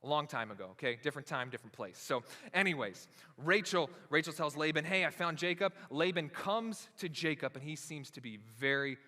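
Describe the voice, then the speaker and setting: A man's voice: fairly high pitch, animated, a little fast, bright, forceful tone, in a large hall. A man preaching a sermon as pastor, retelling a story casually and acting out its characters in everyday voices.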